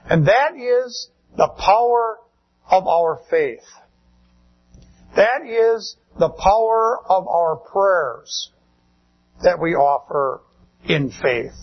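A male pastor preaching a sermon in a slow, measured way, drawing out words for emphasis. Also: sits high, animated, husky, dull audio.

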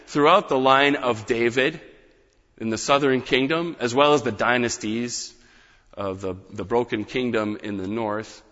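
A male pastor delivers a sermon with emphatic rises on key phrases and quiet drops between them. His voice rings with a long reverb through a church hall. The sound is slightly dull and muffled. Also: mid-range voice.

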